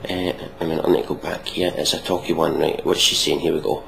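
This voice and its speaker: A man with a very deep, gravelly voice rants through a sarcastic reaction commentary, mocking and swearing freely. A faint hum of noise sits under the recording. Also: little pitch movement, fast talker, fairly bright tone, rough recording. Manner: mocking, ranting, swears often.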